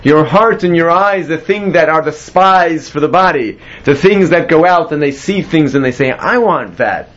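A man's voice: on the high side, expressive, normal speed, few pauses, a bit bright, muffled recording. A man teaching a classroom Bible lesson, explaining step by step and quizzing his students. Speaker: Torah teacher.

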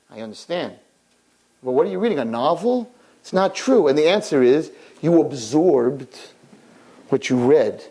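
A woman in her fifties giving a Torah class, animated, rhetorical and fast-talking. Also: low-pitched, slightly rough.

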